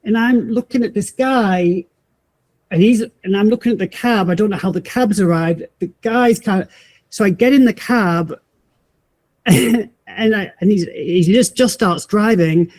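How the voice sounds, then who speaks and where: A woman, a podcast guest telling a personal story in animated fashion, acting out the voices of people she met and often restarting her sentences. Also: medium pitch, unhurried. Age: 50s. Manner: acts out quoted voices, frequent restarts.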